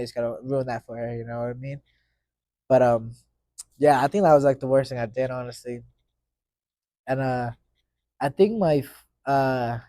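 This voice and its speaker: A man's voice: medium pitch, warm tone, dry recording, studio quality. A young man hosting his own podcast, telling a casual story full of slang and constant fillers. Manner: slangy, rambling, full of fillers like "you know what I mean". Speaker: podcast host.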